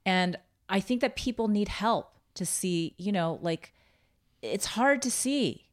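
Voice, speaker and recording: A woman co-hosting a podcast, replying in a measured, gentle way with hedging fillers. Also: mid-range voice, animated. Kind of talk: calm conversational reply.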